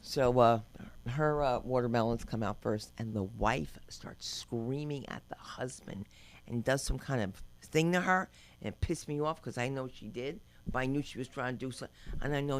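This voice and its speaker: A woman's voice: a bass voice, brisk. An older woman doing open-mic stand-up, telling brash, rambling stories and acting out quotes. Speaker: stand-up comedian. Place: comedy club stage.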